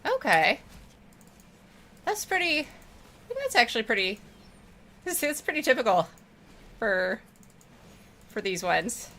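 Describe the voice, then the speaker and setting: Bright-voiced woman streamer chatting casually. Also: on the high side, big pitch swings, slow pace, pauses often. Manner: rambling and affectionate toward viewers. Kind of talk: casual chat while gaming.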